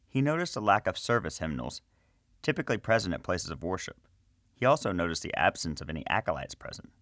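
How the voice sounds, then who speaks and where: A man's voice: low voice, a bit bright, dry recording, clean studio sound. A man narrating a fantasy story and chatting to his listeners in a friendly way.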